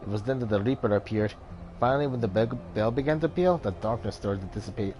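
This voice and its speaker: Warm and low-leaning, this quick-paced, near-everyday voice belongs to a man performing a cryptic mystic warrior who became a merchant. He adopts a fake Indian accent and delivers the game lines solemnly and in riddles, with music playing underneath.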